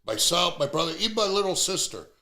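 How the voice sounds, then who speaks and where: Gravelly, lively man ranting bluntly. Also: high-pitched, fast talker. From Canada. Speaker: podcast host. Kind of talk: casual chat.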